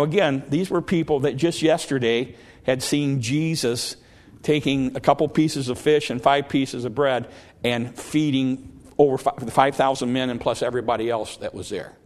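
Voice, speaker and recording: A male preacher delivering a sermon in a plain, mid-pitched voice. He talks to the congregation conversationally, stumbling and restarting often. He slows down and drops his voice on the key scripture lines.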